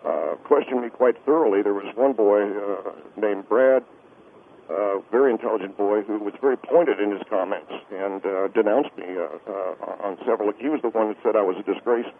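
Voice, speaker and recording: A man's voice: on the low side, moderate pace, a little hiss or hum, voice pushed down, close to an everyday voice. A man playing a flustered, anxious father who stammers and hesitates as a call-in radio guest. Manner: stammering, hesitant, many uh's. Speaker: guest on phone. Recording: tinny phone line.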